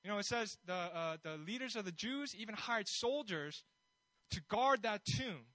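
A man's voice: high voice, animated, moderate pace, sharp tone, dry recording, rough recording. A man preaching a sermon in a conversational way, building his points with rhetorical questions and bold emphasis.

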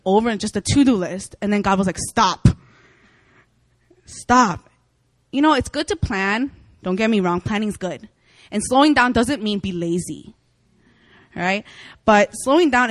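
A woman's voice: mid-range voice, moderate pace, no room sound. Chatty young woman preaching with a dry sound. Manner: chatty, laughing, animated storytelling. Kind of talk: casual sermon. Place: church meeting room.

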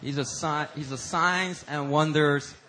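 A man preaching a sermon as pastor, emphatic, rising to high, loud peaks and talking casually to the congregation. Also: steady tone, unhurried, a faint crowd, low-quality recording. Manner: uses y'all and casual asides to the congregation.

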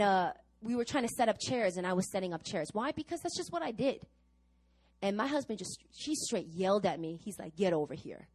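A middle-aged woman pastor preaching a sermon, telling stories to her congregation and acting out the people she quotes. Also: sits high. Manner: animated storytelling to a congregation, acting out quoted voices.

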